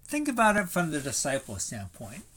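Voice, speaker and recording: A man's voice: a little high, wildly swooping pitch, moderate pace, fairly bright tone, slightly rough. A man preaching a sermon in a conversational way, thinking aloud with fillers and rhetorical questions. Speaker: pastor.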